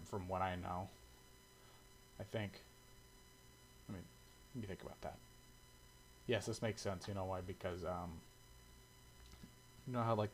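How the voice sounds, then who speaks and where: A man's voice: sits low, a little hiss or hum, low-quality recording. A man giving casual, rambling commentary full of swearing and fillers, reacting aloud as he browses online. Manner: rambling and profane, many fillers. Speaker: airsoft video creator.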